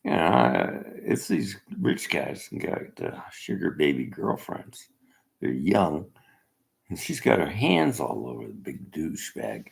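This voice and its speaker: Gravelly husky man, rambling opinion monologue, wild pitch swings, slow delivery. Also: very animated. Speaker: self-made video commentator. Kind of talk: casual monologue.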